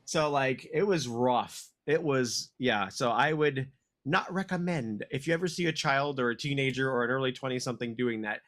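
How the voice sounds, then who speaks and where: A man's voice: medium pitch, normal speed, a bit bright. Laid-back swearing man rambling a story. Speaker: podcast co-host. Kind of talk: casual chat.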